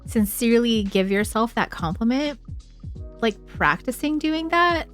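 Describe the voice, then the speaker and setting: A woman's voice: on the high side, animated, a little slow, faint music behind. A woman live streamer chatting casually with her viewers, frank and chatty, swearing freely and using lots of filler words.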